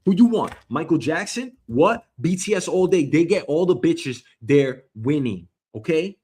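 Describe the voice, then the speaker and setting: A man's voice: a little high, expressive, a little slow, few pauses, darkish tone, breathy edge. A man hosting a solo comedic news show, rambling and swearing as he argues with an imagined listener. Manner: rambling, profane, mock-arguing with the listener. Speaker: host.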